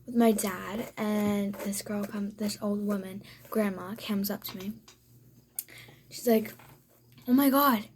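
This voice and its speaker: A vlogger chats casually from her room for a storytime video, rambling with plenty of fillers and sometimes dropping to a whisper. Her mid-range voice is slow and dark with little pitch movement, and there is slight background noise.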